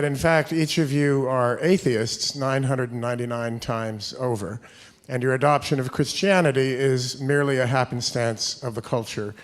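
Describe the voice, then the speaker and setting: Audience member, mid-pitched man, formal and measured. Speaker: audience member asking a question.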